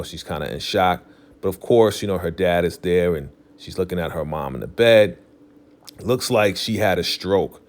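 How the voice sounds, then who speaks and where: Low-voiced male vlogger, laid-back episode recap, filler-heavy delivery. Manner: loose, filler-heavy retelling, leans on "definitely" and "you know".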